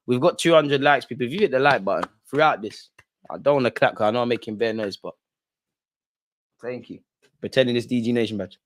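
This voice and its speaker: A young man hosting a football watch-along, reacting live to the match in a slangy, excitable way and pleading with the players. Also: medium pitch, moderate pace. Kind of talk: live reactive commentary to viewers.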